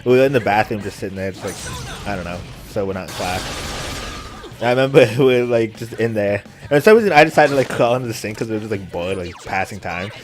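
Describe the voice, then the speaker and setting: A man's voice: on the low side, lively intonation, fairly quick, slight background noise. A young man telling rambling stories while commenting on a video game, with lots of filler words and frequent laughs. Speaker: let's play commentator. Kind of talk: casual gameplay commentary, storytelling.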